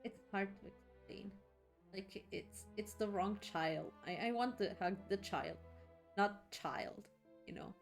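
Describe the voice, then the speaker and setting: A woman's voice: mid-range voice, slow. A young woman streamer reacting to a game, gushing, laughing and swearing, with game music under her voice. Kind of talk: let's-play reaction commentary.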